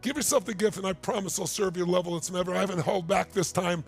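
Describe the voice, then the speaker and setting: A man's voice: high-pitched, level tone, fast talker, faint music behind. A man in his sixties, a motivational speaker telling a story in a keynote talk, emphatic and building to urgent appeals. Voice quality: gravelly.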